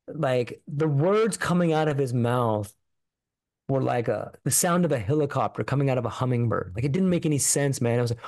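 Podcast guest, man, earnest and profane, mid-pitched voice, dry close sound. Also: animated, brisk, a little mellow, no room sound. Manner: earnest, profane, repetitive, full of fillers. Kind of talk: emotional personal storytelling.

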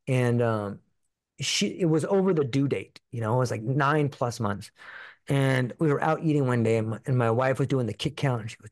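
Podcast guest, man, earnest and profane, mid-pitched voice, dry close sound. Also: moderate pace, a little mellow, dry recording. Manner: earnest, profane, repetitive, full of fillers. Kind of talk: emotional personal storytelling.

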